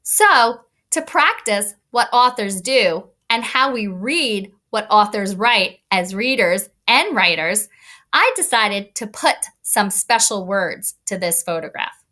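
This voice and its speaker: A woman teacher giving an online read-aloud lesson to young children, talking in an expressive, kid-directed way. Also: mid-range voice, slow. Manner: animated, expressive teacher voice addressing kids. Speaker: elementary school teacher.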